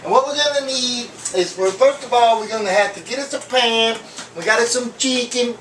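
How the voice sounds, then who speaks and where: A high-voiced man runs his own cooking show at a moderate pace, his tone fairly bright as he rambles happily, cracking jokes and tossing in fillers and asides between steps. The distant mic picks him up across an echoey home kitchen. Dishes, pots and cutlery clink clearly behind him, adding slight background noise to this casual comedic demo.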